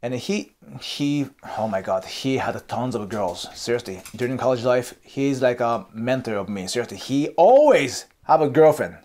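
Lively Japanese-accented man, blunt. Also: mid-range voice, normal speed, hardly any pauses. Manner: blunt, frequent swearing and laughter. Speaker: host giving dating advice. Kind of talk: casual monologue.

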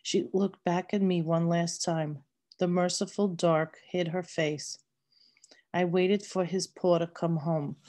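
Woman narrator for a read-aloud novel; low, unhurried, mellow delivery. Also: fairly even intonation. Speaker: reader.

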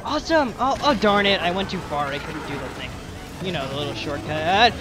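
A young man doing casual let's play commentary, excitable and yelling at the game. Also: sits high, a little fast. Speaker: let's player. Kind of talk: gaming commentary. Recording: faint game music behind.

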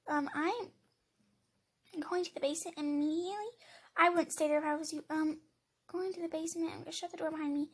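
A woman commentating her game, excitable and rambling, jumping from loud squeals to hushed whispers. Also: very high voice, quick pace. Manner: rambling with many fillers. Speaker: gamer.

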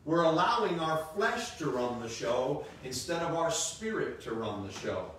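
A man's voice: a little high, big pitch swings, measured pace, a bit bright. A man in his fifties preaching a sermon as pastor, emphatic, repeating phrases and slipping in joking asides. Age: 50s. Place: church sanctuary. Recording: echoey hall, distant mic, faint hiss.

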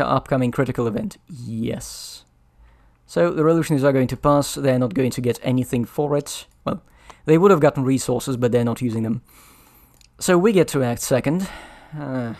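A man with a mid-range, darkish voice plays a strategy board game by himself. He thinks aloud and mutters over the rules as he works out his moves.

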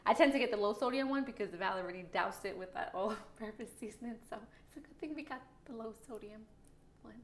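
A young woman speaks a little high and fast, guiding her partner through a recipe as she cooks at home. She keeps the instruction casual, upbeat and teasing, with background music and slight noise in the recording.

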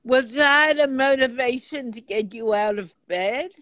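A woman interviewer asking curious, gently probing questions. Her voice is high and her delivery slow and unhurried, recorded dry and close. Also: no echo, highs cut off.

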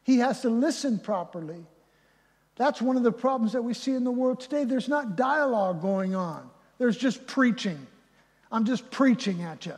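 A man preaching a live sermon as pastor, going from loud emphatic peaks to quiet low passages. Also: lively intonation, normal speed. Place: church sanctuary. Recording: reverberant church hall.

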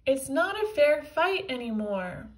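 A woman voicing an excited young boy who yells his lines. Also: a little slow. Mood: urgent. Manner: high, yelling.

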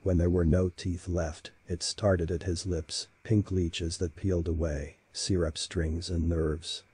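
A man reading a horror story in a slow, measured, dramatic style. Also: sits low, little pitch movement, dark tone, slightly rough. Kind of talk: scripted horror narration.

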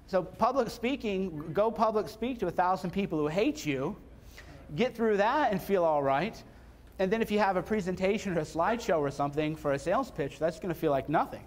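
A man's voice: high-pitched, expressive, fairly quick. A man speaking casually and bluntly to a live seminar audience, repeating points for emphasis. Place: seminar room before an audience.

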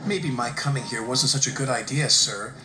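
A man voicing a shy, gentle young crane engine who speaks politely and timidly, in a storybook reading. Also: mid-range voice, normal speed, background noise, close to an everyday voice. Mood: sad. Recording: roomy room with background music.

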